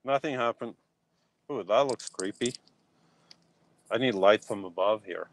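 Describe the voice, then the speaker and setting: A man's voice: lowish voice, measured pace, a little hiss or hum. A man talking casually on a live stream from his phone, reacting and answering viewers' comments. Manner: animated, talks back to chat comments. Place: outdoors in a yard at dusk.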